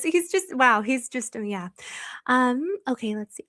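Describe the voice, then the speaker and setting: A woman's voice: sits high, lively intonation, normal speed, a bit bright. A woman hosting a live stream, chatting casually and reading viewer comments in a bubbly, effusive way, laughing often and rambling with many restarts.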